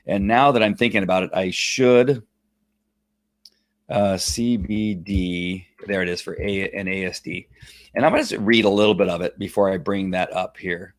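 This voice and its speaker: A man hosting a casual live online show, talking in a halting, rambling way with lots of fillers and restarts, at times choked up while reading a viewer's story. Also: deep voice, fairly even intonation. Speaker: host of a Facebook Live show. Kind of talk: casual live-stream talk, reading a testimonial aloud.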